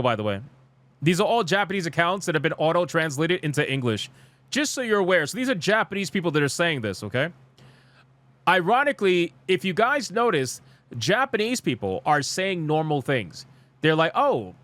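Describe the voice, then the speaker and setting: A man's voice: on the high side, fairly bright tone, dry recording. A young man streaming live, reacting to gaming news and reading comments aloud in a blunt, exasperated, profane rant.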